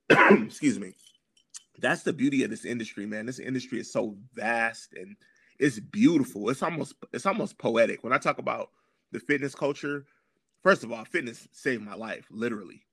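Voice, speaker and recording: A man talking as a podcast guest, telling a story in a casual, slangy, animated way and clearing his throat now and then. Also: medium pitch, moderate pace, no room sound, studio quality.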